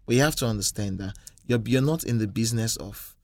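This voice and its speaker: A man's voice: on the low side, quick pace. A Nigerian man co-hosting a casual talk show, emphatic and repeating himself when heated. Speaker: podcast co-host. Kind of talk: casual chat.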